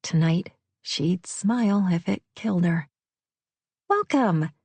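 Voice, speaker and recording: A woman narrating a novel in an audiobook, telling the story in a measured, even manner into a close studio mic. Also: on the low side, no room sound. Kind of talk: scripted narration.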